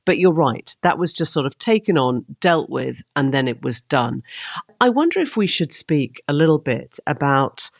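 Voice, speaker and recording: A man co-hosting a political podcast, chatting in a wry, lively way and laughing easily. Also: fairly high pitch, normal speed, gravelly, dry recording, clean studio sound. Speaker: podcast co-host. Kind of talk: conversational political analysis.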